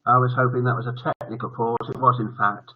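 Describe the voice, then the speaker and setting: A man's voice: medium pitch, level tone, quick pace, phone-quality sound. An older man hosting a live-streamed bedtime story show, chatting in a jokey, teasing way. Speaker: host.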